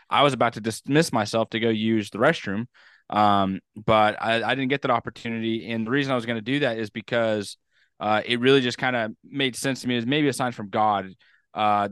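A young man co-hosting a podcast, joking and animated, with some swearing for effect. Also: medium pitch, no echo, studio quality. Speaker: podcast co-host. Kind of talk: casual chat.

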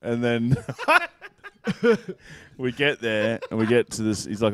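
A man's voice: mid-range voice, wildly swooping pitch, slow, a bit bright. A hungover Australian man telling a rambling story in casual chat, laughing and swearing freely. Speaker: co-host.

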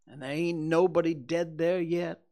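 A man's voice: a little high, steady tone, pitched above the performer's own voice, close to an everyday voice. A man reading a novel aloud, voicing a rustic, superstitious young boy with a folksy drawl. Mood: excited. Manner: folksy drawl, hushed then breathless and quick. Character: rustic, superstitious boy in his early teens. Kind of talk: audiobook character voice.

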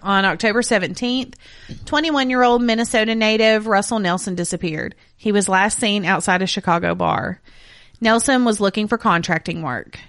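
In a mid-range, slightly bright voice at a normal speed, this true crime podcast co-host walks through the case and interjects blunt, swearing comments. There's no echo on the recording.

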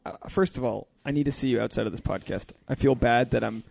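A man's voice: medium pitch, quick pace, vocal fry, a little mellow. A man hosting a casual podcast chat, full of teasing, crude joking banter. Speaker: podcast host.

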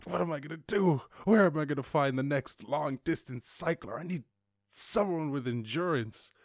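A man's voice: fairly high pitch, normal speed, no echo, studio quality, voice pushed up. A man voicing a desperate male cycling coach with an Indian accent who pleads dramatically.

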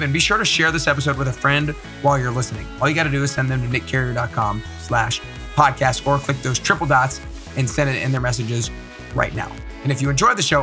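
A man's voice: medium pitch, sharp tone. A man hosting a podcast, upbeat and enthusiastic as he introduces and interviews his guest. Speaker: podcast host.

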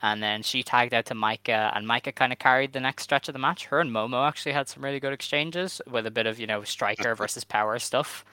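A man hosting a podcast, recapping in relaxed casual chat. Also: mid-range voice, fast talker, hardly any pauses, clear, resonant tone, no echo. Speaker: podcast host.

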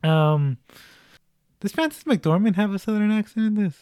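A man's voice: high voice, lively intonation, measured pace, a little mellow, clear, resonant tone, dry recording, studio quality. A man chatting casually about a movie, laughing often and retelling scenes.

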